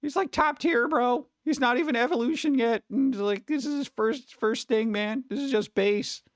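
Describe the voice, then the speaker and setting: A man's voice: very high voice, moderate pace, no room sound, voice pushed up. A man putting on a boastful young male gamer bragging about his monster in slangy bro talk.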